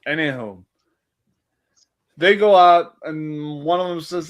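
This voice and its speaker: A man's voice: fairly high pitch, expressive, measured pace. A man telling a rambling personal story in casual chat, laughing often and acting out the voices of family members. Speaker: stream co-host telling a story.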